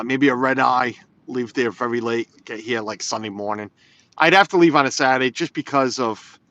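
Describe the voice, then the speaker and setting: On a casual live stream from his car, a man drives snowy roads and rambles to viewers, reading out their comments. He has a medium-pitched, fairly bright voice with no echo. The sound is slightly dull lo-fi phone audio.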